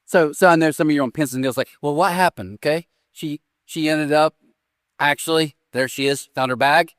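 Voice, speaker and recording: A man in his forties, a pastor, preaching a sermon with lively storytelling that swings between raised, excited phrases and quiet, soft endings. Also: on the high side, a little fast, no echo, clean studio sound. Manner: animated storytelling with sudden rises and soft drops. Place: church stage.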